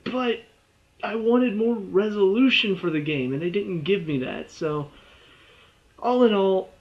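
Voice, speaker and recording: A man's voice: high voice, animated, a little slow. A man giving a casual video game review, rambling and correcting himself as he goes, chuckling often. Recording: dull lo-fi sound.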